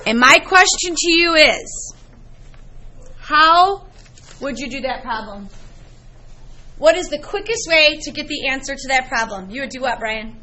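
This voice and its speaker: A woman's voice: high voice, animated, measured pace, pauses often, bright, forceful tone. A middle-aged woman teaching a math class, explaining in a chatty, storytelling way to her students in a classroom.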